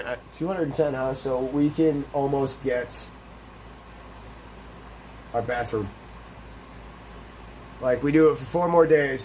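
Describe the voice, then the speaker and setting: A man's voice: medium pitch, slight background noise. A young man hosting a let's play, telling a long personal story in a rambling, profane, emphatic way. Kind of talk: casual storytelling over gameplay.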